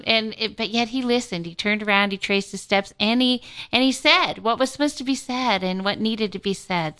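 Bright, clear-voiced woman radio host. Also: on the high side. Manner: warm, affirming and enthusiastic. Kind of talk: radio talk show hosting.

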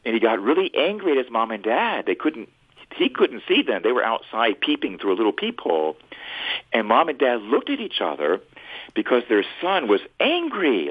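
Husky animated storyteller priest, phone-line sound. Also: male voice, medium pitch. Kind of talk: storytelling on a radio talk show. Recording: tinny phone-like radio line.

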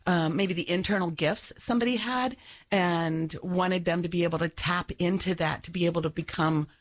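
A woman's voice: fairly low pitch, moderate pace. A woman life coach, a guest on a radio show, speaking earnestly in conversation. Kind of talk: radio interview.

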